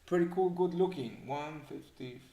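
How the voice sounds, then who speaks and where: A man's voice: fairly high pitch, moderate pace, warm tone, highs cut off. A man hosting a live trading show, chatting casually, thinking aloud, muttering figures and swearing now and then. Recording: echoey room.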